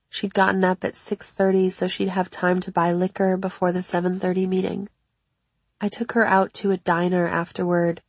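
A woman reading her own memoir aloud in a measured, reflective first-person narration. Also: lowish voice, darkish tone, slightly rough, dry recording. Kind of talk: scripted audiobook narration.

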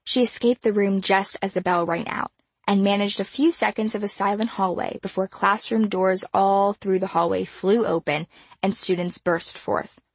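A woman reads a novel aloud in a measured, expressive way. Her voice has a gravelly edge and some huskiness. The recording is dry and close. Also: medium pitch, no room sound. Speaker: narrator. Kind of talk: audiobook narration.

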